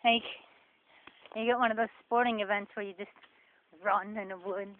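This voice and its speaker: A woman's voice: mid-range voice, fairly even intonation, normal speed, long pauses. A woman with a New Jersey accent, rambling sarcastically in a casual vlog while walking a forest path. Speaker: vlogger. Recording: tinny phone-like sound with faint noise.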